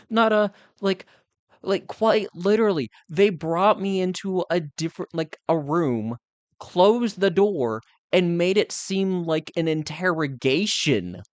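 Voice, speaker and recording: A man's voice: high voice, unhurried, no room sound. Candid, rambling young man. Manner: candid, rambling, heavy on filler words. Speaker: live streamer. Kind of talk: casual chat.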